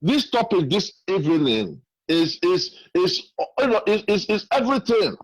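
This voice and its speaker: A man's voice: high voice, sing-song, measured pace, husky, no echo, poor audio. A man from Nigeria with a Nigerian accent, calling in to a radio show and telling a story earnestly, repeating his phrases. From Nigeria (Imo State). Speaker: caller. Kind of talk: call-in testimony, storytelling. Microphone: phone call.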